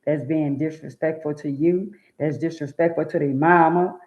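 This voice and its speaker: A woman with a deep, steady voice and moderate pace lectures her live-stream viewers in a preachy rant. She speaks bluntly, swears, and repeats words for emphasis, captured with dull lo-fi sound in an echoey room.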